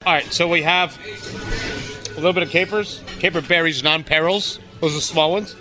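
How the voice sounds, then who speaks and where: A man telling stories as a podcast guest, profane and excitable, often laughing. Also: fairly high pitch, moderate pace, music in the background. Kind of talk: casual storytelling.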